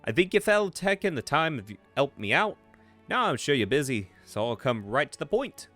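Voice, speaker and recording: A man voicing a gruff, brash tavern keeper in a swashbuckling British rogue accent, reading game dialogue. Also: fairly high pitch, big pitch swings, normal speed, a bit bright, no echo, soft background music, voice pushed up. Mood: boisterous.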